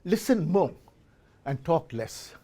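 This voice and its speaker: His voice is a little high and mellow, with a sing-song lilt and a slow pace. This middle-aged man delivers a motivational business talk at a business forum to a live audience in an event hall, repeatedly restarting his words and putting questions to listeners.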